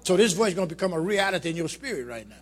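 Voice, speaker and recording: A man preaching a sermon to his congregation, calling out to the crowd and building to shouts. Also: sits high, lively intonation, rapid-fire. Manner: colloquial, drops into vernacular.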